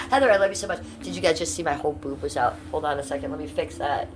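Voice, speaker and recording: A woman's voice: sits low, rapid-fire, background noise. A middle-aged woman from Ohio chatting casually on a live stream, blunt and profane, reading out and answering her chat. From Cleveland, Ohio, USA.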